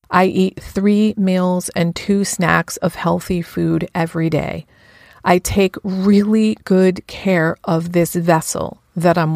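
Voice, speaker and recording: Frank female self-help talker; low, gravelly, earnest, close and dry. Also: no echo. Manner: frank and earnest, casual swearing. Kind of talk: personal self-help talk.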